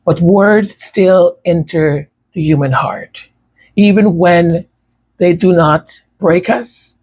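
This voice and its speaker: A man's voice: high voice, slow pace, a little mellow, breathy edge. A man with a stutter and a tongue tie talking casually to his viewers, repeating words and struggling with some sounds. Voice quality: tongue-tied, some sounds hard to pronounce. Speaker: music creator speaking to supporters.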